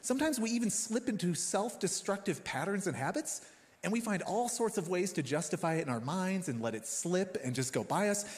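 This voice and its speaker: In a reverberant church hall, a pastor in his thirties with a high voice preaches a sermon woven with personal stories. He's animated and conversational, speaking directly to the congregation.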